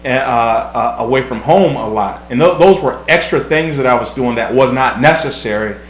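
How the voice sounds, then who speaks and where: In an echoey room with a faint hum, an earnest vlog host and husband talks through casual advice. His mid-range voice has lively intonation at a normal speed, and he repeats words while thinking.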